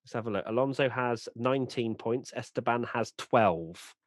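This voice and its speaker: A British podcast host with a medium-pitched voice talks at a moderate pace in clean, studio-quality audio with no room sound. Lively and teasing, he leads the casual chat and the grading while poking fun at his co-hosts.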